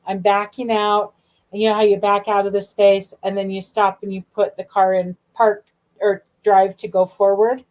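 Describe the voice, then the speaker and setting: A woman's voice: mid-range voice, normal speed. Middle-aged woman host rambling through a story, chatty, acts out both sides of the talk. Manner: chatty, animated, many asides and quoted dialogue. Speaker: podcast host. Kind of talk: casual storytelling.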